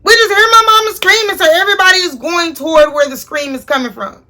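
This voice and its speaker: Young woman vlogger, high bright voice, animated and profane, chatting to her viewers. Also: fast talker. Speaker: storyteller host. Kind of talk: casual storytime vlog.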